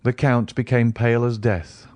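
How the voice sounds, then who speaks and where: A man narrating a classic novel as an audiobook in a measured way. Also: medium pitch, fairly even intonation, darkish tone, dry recording.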